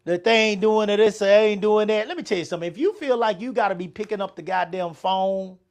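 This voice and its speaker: A man's voice: high voice, quick pace, darkish tone. A man co-hosting a podcast in casual chat, frank and profane with emphatic delivery. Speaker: podcast co-host.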